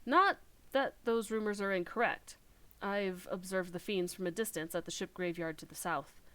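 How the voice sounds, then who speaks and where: A woman voicing a dutiful male lighthouse overseer from a game in a put-on western English countryside accent, reading the lines in a measured, formal way. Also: medium pitch, fairly bright tone, natural voice. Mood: earnest. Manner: measured, formal storybook delivery. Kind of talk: reading game dialogue aloud.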